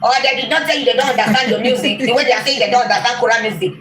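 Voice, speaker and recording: A woman's voice: a little high, rapid-fire, over a noisy crowd. Scolding woman in echoey room. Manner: scolding, insulting, repetitive. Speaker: rival online commentator. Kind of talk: clip of a livestream rant. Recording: echoey room with faint noise.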